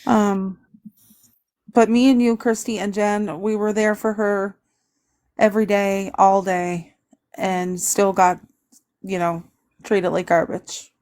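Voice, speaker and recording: Canadian woman, livestream guest, candid and laughing, mid-pitched voice. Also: level tone, takes it slowly, pauses often, a little mellow. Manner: candid, laughs often, reads comments aloud. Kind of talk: casual livestream chat.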